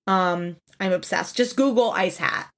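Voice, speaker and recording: A woman's voice: a little slow, creaky. A woman co-hosting a podcast, chatting casually and expressively as she recaps a TV show, swearing freely and acting out quotes. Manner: animated, expressive, swears freely, acts out quotes with big pitch jumps. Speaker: podcast co-host.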